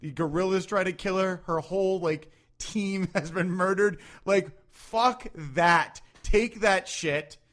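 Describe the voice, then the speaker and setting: A man co-hosting a podcast, talking about movies in a loose, animated way, with lots of swearing and laughter. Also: sits high, takes it slowly, hardly any pauses. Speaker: podcast co-host. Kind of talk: casual chat about movies.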